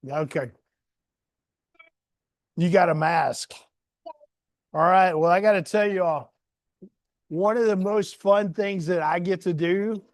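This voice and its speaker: A man's voice: high-pitched, slow pace, pauses often, no echo, clean studio sound. A man from the Southern US with a country accent, talking in a friendly, folksy way to a crowd of children as a guest reader. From Southern United States. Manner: friendly, folksy, with many fillers. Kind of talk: casual talk to a crowd of children.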